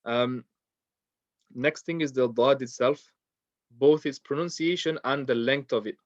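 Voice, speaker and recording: An unhurried man leads an online Quran recitation lesson, laying out the rules casually with plenty of ums and demonstrating the sounds on his own. He has a medium-pitched voice, and the recording is dull, lo-fi, and dry.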